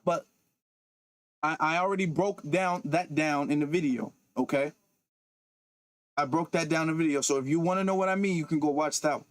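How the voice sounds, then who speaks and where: A man's voice: fairly high pitch, moderate pace, pauses often. A man giving reaction-video commentary, talking emphatically and repeating himself, with many interjections of "okay". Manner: repetitive, emphatic, often says okay.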